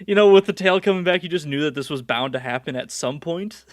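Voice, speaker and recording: Animated male podcast host, dry close sound. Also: fairly high pitch, fast, no room sound. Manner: animated recapping, acting out lines with laughs. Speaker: podcast host recapping episodes. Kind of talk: casual podcast chat.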